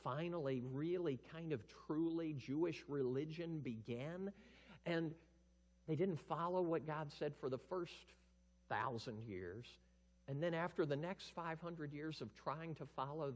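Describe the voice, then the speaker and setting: A male pastor delivers a sermon at a middle pitch, swinging from loud, excited passages to hushed, near-whispered ones as he acts out voices. His words ring out with a long reverb, as in a church sanctuary. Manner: animated preaching, acting out dialogue with swings between loud and hushed.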